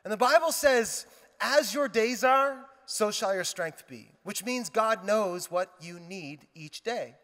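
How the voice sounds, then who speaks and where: A male pastor preaching a sermon, telling a lively story with quoted dialogue and joking asides. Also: sits high, slow pace. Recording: reverberant hall.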